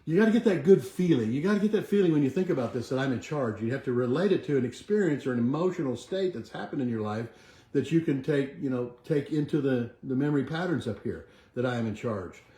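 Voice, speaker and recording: An older man leading a motivational talk from his home kitchen, repeating affirmations slowly and letting them trail off softly. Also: mid-range voice, lively intonation, echoey room. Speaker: chiropractor leading a weekly motivational march. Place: home kitchen with a bay window.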